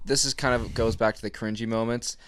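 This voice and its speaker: A man's voice: medium pitch, fairly even intonation, fairly quick, fairly bright tone, smooth. A young man co-hosting a casual podcast, telling childhood stories and laughing through them. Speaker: podcast co-host. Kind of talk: casual chat.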